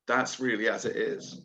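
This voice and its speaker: A man's voice: medium pitch, creaky, bright, forceful tone. A man from England hosting a casual nonduality video call, candid, playful and laughing often. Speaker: host of a nonduality meeting.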